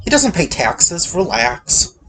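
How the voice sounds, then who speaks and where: Slow, halting man reviewing a movie. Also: a little high, huge pitch swings, fairly bright tone, slight background noise. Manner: halting, full of restarts and hedges. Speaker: podcast host. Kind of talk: casual movie review chat.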